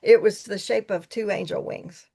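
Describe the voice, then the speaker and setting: Female guest, earnest rambling storyteller with a gravelly, creaky edge. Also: mid-range voice, steady tone, moderate pace, dark tone. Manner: earnest, rambling, with frequent restarts. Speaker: podcast guest, tea leaf reader. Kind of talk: casual storytelling conversation.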